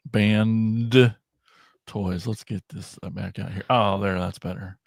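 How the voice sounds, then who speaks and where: Excitable rambling man, dry close mic. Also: lowish voice, slow pace, gravelly, no room sound. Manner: rambling and excitable, trails off and restarts. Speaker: podcast host. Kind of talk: casual chat.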